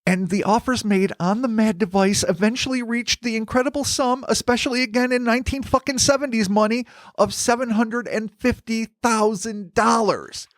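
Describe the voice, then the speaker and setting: A man's voice: very high-pitched, normal speed, no echo, clean studio sound. A man co-hosting a podcast, reading a paranormal story from a script and breaking off into wry, profane banter. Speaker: podcast co-host.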